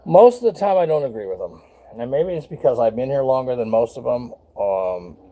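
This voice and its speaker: A man's voice: on the low side, vocal fry, warm tone, low-quality recording. A man from the United States talking bluntly in a rambling, casual vlog on his back deck outdoors, with lots of fillers and restarts. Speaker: vlogger.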